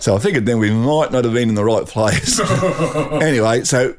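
An older man with an Australian accent, a guest telling a rambling, animated anecdote full of restarts. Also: mid-range voice, normal speed. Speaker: guest, retired drag racing champion. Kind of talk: storytelling anecdote.

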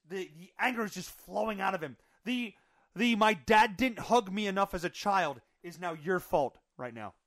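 A man hosting a podcast, chatting casually in an animated, profane way and repeating himself as he reacts. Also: sits high, dry recording, clean studio sound. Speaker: podcast host.

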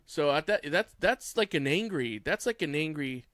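A man's voice: fairly high pitch, lively intonation, moderate pace, a bit bright, no room sound. Blunt, swearing man arguing a theory. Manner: blunt, argumentative, swears often. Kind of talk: casual profane group discussion.

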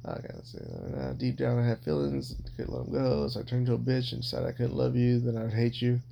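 Talking fairly quickly with vocal fry, a medium-pitched man tells rambling, blunt, heavily profane personal stories on a casual podcast. The highs are cut off and there is slight background noise.

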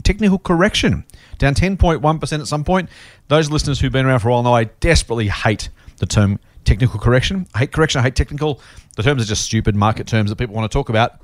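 Australian man hosting a podcast: quick, lively, chatty, dry close studio sound. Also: fairly high pitch, dry recording. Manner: animated, rambling, laughs between points. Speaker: podcast host. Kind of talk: casual finance podcast chat.

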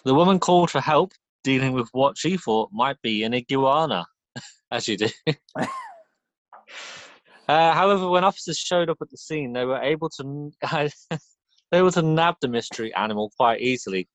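A man co-hosting a comedy podcast, reading made-up news with deadpan puns and chuckles. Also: mid-range voice, moderate pace, no echo.

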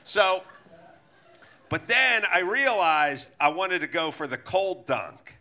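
Bright, high-voiced animated male host. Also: slow pace. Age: middle-aged. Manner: animated, swearing, laughs mid-sentence. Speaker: podcast host. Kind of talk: profane comedic storytelling. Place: live show on stage.

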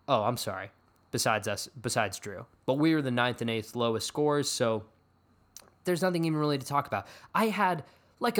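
A man hosting a casual sports podcast, rambling and self-deprecating with running jokes. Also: mid-range voice. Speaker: podcast host.

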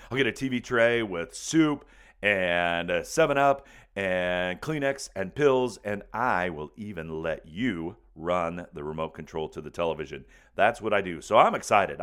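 A man telling a comic personal story, animated and playful, acting out the voices of the people in it. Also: on the low side. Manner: animated, acts out voices and screams for comic effect.

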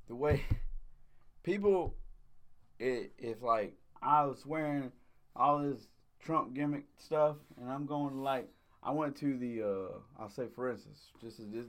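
Brief: male co-host, loose profane storyteller, mid-pitched, chuckles through his anecdotes. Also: fairly bright tone. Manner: profane, rambling, laughs often. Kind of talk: casual chat, rambling storytelling.

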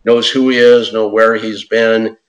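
Animated man telling a story. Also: lowish voice, a little slow, rough recording. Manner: animated, acts out quotes in other voices; says "man" and "dude" often. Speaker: interview guest; podcast host. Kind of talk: casual storytelling.

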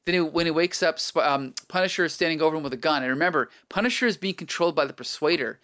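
A man's voice: fairly high pitch, rapid-fire, pushed and bright. A man hosting a casual chat recapping a comic book, rambling with many fillers and chuckles. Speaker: podcast host.

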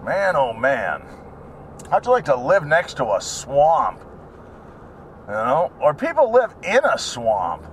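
Man, driving vlog, rambling sarcastic rants, high animated voice, faint road noise behind. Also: takes it slowly, long pauses. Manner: ranting, sarcastic, drifts between topics, swears. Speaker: vlogger. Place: in a car while driving.

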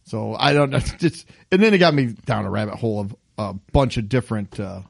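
On a podcast, a man with a fairly low, gravelly voice talks casually and a little fast in a dry recording. He tells stories with lots of energy, laughing and performing the voices of the people involved.

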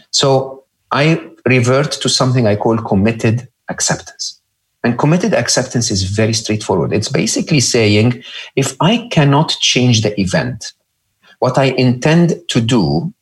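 A man with a non-native English accent, speaking as a podcast guest, earnest and emphatic, often checking in with "okay?" and rising sharply in pitch to stress points. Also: low-quality recording. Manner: lively swings in pitch when stressing points. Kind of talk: conversational interview.

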